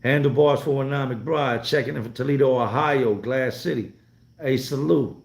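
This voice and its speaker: A man in his forties from North Carolina talks loosely and bluntly to his live-stream viewers, swearing freely as he rambles through their comments. His voice sits at an ordinary middle pitch. The room gives it a noticeable echo. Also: moderate pace, vocal fry. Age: 40s. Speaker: vlogger hosting a live stream. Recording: roomy echo.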